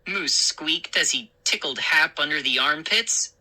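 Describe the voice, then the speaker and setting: A woman reading a children's story aloud in an expressive, unhurried way. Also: sits low, rough recording.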